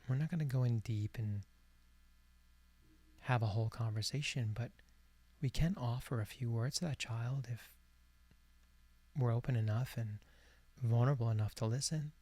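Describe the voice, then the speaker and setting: A man in his late forties hosting a guided reflection, talking softly and earnestly to the camera. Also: mid-range voice, moderate pace, pauses often, no room sound. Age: 40s. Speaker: self-help video host. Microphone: camera recording alone.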